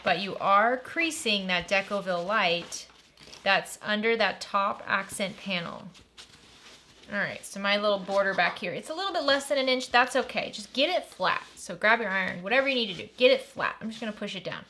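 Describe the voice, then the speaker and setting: A woman's voice: mid-range voice, lively intonation, a little fast, sharp tone, a little hiss or hum. A woman hosting a step-by-step sewing tutorial, upbeat and chatty as she walks through each stage and enthuses over the bag.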